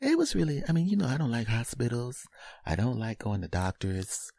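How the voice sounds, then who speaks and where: A man's voice: medium pitch, big pitch swings, fairly quick, creaky, darkish tone, no room sound. A man putting on a chatty auntie. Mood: nervous. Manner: rambling and chatty, full of ums. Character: chatty middle-aged auntie, timid but frank. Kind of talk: comedy sketch voice.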